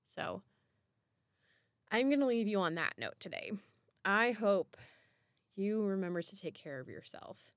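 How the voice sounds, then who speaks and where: Woman podcast host, solo reflective talk, warmly encouraging, pausing often, dry close sound. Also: mid-range voice, expressive, no echo. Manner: encouraging, unhurried, with pauses and restarts.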